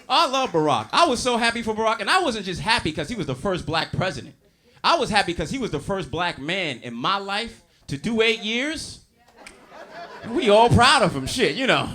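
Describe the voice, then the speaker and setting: High, lively male stand-up comic. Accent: New York. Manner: loud, animated crowd work with profanity. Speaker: stand-up comedian. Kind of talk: stand-up comedy set. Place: comedy club stage. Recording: live room with audience. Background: audience laughter.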